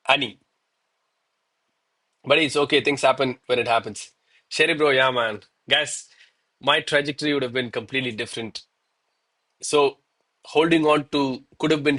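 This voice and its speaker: Exasperated trader, bro-heavy talk. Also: male voice, mid-range voice, bright, forceful tone. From South India. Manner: self-critical and exasperated, peppers talk with "bro" and "man". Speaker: live-streaming gold trader. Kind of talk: live trading stream commentary.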